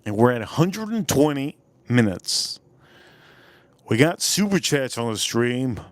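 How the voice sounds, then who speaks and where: A man hosting a casual livestream, hyped up, shouting out donors and swearing freely. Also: mid-range voice, very animated, unhurried, dry recording. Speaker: whiskey livestream host.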